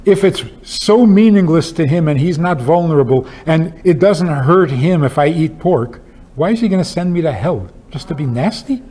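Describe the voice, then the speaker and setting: With a slightly high, mellow and expressive voice at normal speed, a male rabbi tells humorous stories in his lecture. He poses pointed rhetorical questions in an emphatic, wry manner.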